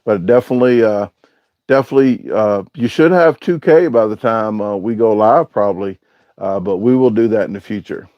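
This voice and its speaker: A man's voice: on the low side, brisk, no room sound, dull audio. A man hosting a casual livestream, reading out viewer comments and answering them in a rambling, hesitant way with lots of filler sounds. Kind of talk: casual live-stream chat.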